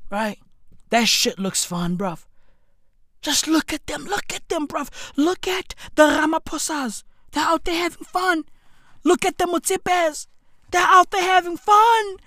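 A woman delivering a brash, slang-filled comedic rant with shouted bursts. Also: sits high, very animated, slow pace, pauses often, no echo, clean studio sound. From South Africa.

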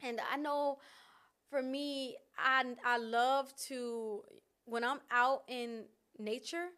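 A woman vlogger talking candidly and casually about her feelings, animated and laughing often. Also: high voice, slow pace, clean tone. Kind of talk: casual reflective chat. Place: outdoors in nature.

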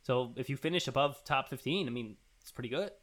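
Bright-voiced man chatting casually. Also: medium pitch, fast. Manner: rambling, thinks aloud with fillers and restarts. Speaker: podcast co-host reading listener emails. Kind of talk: casual chat.

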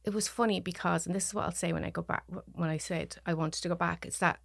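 A woman with a Dublin Irish accent, a podcast guest telling a personal story, soft-spoken and often dropping to near whispers. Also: lowish voice, fairly even intonation, fast, creaky, dry recording, studio quality. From Ireland.

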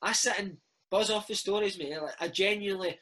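A Scottish man in his thirties rattles through his stories at a fast clip. His voice sits a bit high and sounds bright and husky. He talks in a chatty, animated way and leans on slang. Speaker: podcast host and former footballer, interviewee. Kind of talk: casual chat.

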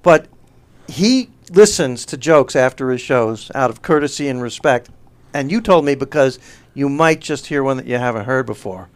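A man's voice: medium pitch, expressive, normal speed, few pauses. A man, a comedian and comedy teacher, chatting enthusiastically in a studio. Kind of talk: casual chat.

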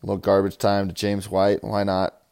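A young man giving a profane, rambling fantasy football recap, swinging from loud hype to low mumbles. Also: completely flat delivery, normal speed, vocal fry. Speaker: fantasy football league player.

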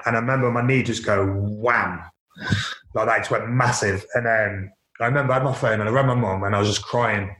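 A man's voice: medium pitch, a bit bright, roomy sound. A man, a former professional footballer, telling his story candidly, repeating words and using lots of fillers. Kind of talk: casual interview storytelling.

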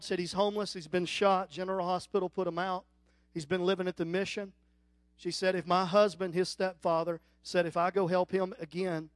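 High-voiced preacher telling an animated story. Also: male voice, dry recording, clean studio sound. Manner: storytelling, rising to loud animated peaks. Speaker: guest preacher. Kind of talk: sermon.

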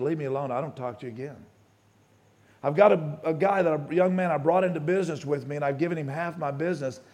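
A pastor giving a sermon, telling a story with plenty of quoted dialogue and halting restarts, his voice rising and dropping. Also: on the high side, darkish tone.

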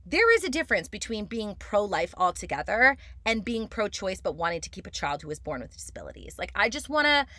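A woman hosting a casual podcast, recapping reality TV in a chatty, animated way with many fillers and sudden high swings for emphasis. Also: a little fast, few pauses, no echo. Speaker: podcast host.

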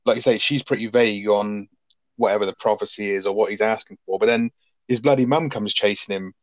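A quick, sweary man chatting about a film, his voice sitting fairly low. The sound is dry and a little dull, like a home podcast setup. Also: dry recording. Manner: sweary, animated, quick-talking. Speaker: podcast co-host. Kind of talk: casual film review chat.

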